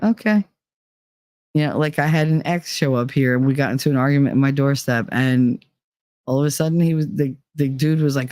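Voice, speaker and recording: A woman's voice: low voice, darkish tone, no echo, studio quality. A woman hosting a podcast, telling a personal story in a frank, profane way and acting out the voices of the people she quotes. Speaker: podcast host.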